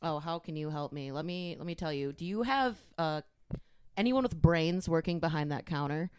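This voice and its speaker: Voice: medium pitch, animated, normal speed, darkish tone, clear, resonant tone, no room sound, clean studio sound, natural voice. Someone doing an indignant entitled customer. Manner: indignant, huffy, demanding. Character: entitled rude woman customer complaining by phone. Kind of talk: comedic improv on a podcast.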